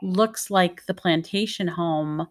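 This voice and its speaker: A woman's voice: on the low side, slow. A woman with a nasal Detroit accent, co-hosting a podcast and telling stories in rambling, chatty conversation. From Michigan. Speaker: podcast co-host. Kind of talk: casual chat.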